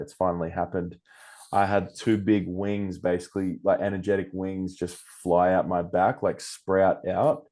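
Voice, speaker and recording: Australian man telling stories casually. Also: low voice. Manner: animated, swears freely, acts out quoted speech. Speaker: podcast guest, coach. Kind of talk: casual storytelling.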